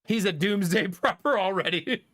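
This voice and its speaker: A man in his thirties with a high voice chats casually with viewers on a livestream at a moderate pace, reading their comments. He tells funny stories about his kids in an animated way and laughs often.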